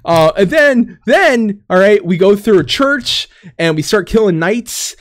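A young man with a high, bouncy voice tells a game's story in loose, profane casual chat. He laughs often, jumps into quick character voices, and sounds a little out of breath. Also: animated. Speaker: podcast co-host recapping a game story.

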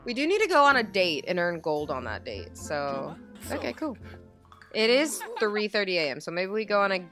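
A woman's voice: medium pitch, sing-song, moderate pace, fairly bright tone, soft background music. A young woman hosting a gaming video, chatting casually and talking to her game characters as she plays. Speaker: gaming channel host. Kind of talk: casual let's-play commentary.

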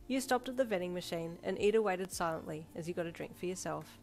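A woman reads a fan fiction story aloud in the second person, keeping a steady storytelling pace. Her voice sits somewhat low, and gentle backing music plays underneath. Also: fairly quick, vocal fry. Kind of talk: second-person audiobook narration. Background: soft backing music.

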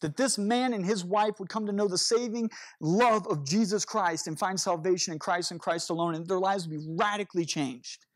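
A man's voice: high voice, dry recording, studio quality. A man preaching as a pastor in an earnest, conversational storytelling sermon, speaking to a congregation from a church stage. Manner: earnest, animated storytelling with rushed bursts.

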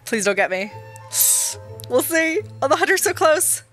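A woman's voice: high voice, very animated, normal speed, fairly bright tone, soft background music. A woman streaming a game live, chatting casually and exclaiming nervously as she plays. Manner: nervous, exclaiming while playing.

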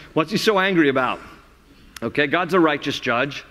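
A man's voice: a little high, animated, unhurried, sharp tone. A male pastor, preaching a sermon in a conversational, earnest way that builds into impassioned emphasis. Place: large church sanctuary. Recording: long hall reverb from sanctuary.

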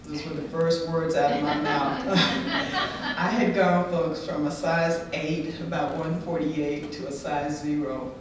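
A woman's voice: sits low, takes it slowly, crowd noise. Middle-aged woman speaking in an echoey hall. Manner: humorous, candid storytelling. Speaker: conference speaker. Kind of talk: inspirational personal story talk. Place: large conference hall. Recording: echoey hall, distant mic.

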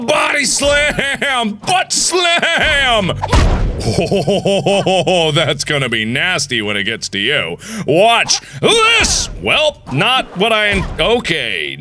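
A man giving excitable, jokey commentary while playing a video game, swinging between yelps and mutters. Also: sits high, a little hiss or hum. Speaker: gaming video host. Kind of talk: gameplay commentary.

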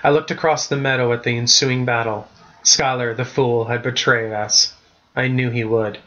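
A man, the author, narrating his storybook in a measured storytelling manner. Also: mid-range voice, fairly even intonation, bright, forceful tone, dull audio. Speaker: author reading his novel.

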